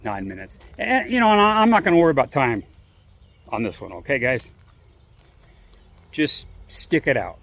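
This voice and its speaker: Animated, high-voiced man rambling on a walk. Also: moderate pace, vocal fry, long pauses. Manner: rambling, chatty, frequent 'right?' and restarts. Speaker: vlogger. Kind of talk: casual storytelling on a walk.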